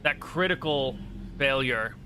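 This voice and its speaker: Bright-voiced man running a tabletop game. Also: mid-range voice, unhurried. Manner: relaxed, joking, narrates in long run-on sentences. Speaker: game master.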